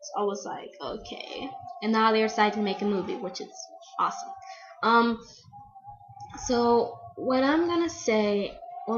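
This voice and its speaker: Teenage girl vlogger, casual rambling delivery, a bit high-pitched, muffled lo-fi webcam sound. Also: background noise. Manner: rambling, filler-heavy, frequent restarts. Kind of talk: casual fan vlog rant. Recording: dull lo-fi webcam audio.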